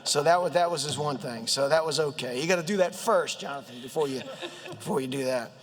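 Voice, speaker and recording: Southern guy, kinda squeaky high voice, ribbing his desk mate with lots of ums, big echoey chamber. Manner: halting, many fillers, joking. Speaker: state legislator introducing a colleague. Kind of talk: humorous floor speech. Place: state house chamber. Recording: long reverb of a legislative chamber.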